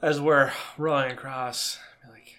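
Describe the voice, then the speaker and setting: A man's voice: mid-range voice, flat delivery, a little slow, sharp tone. Easygoing man playing a tabletop game. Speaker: player. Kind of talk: casual tabletop play.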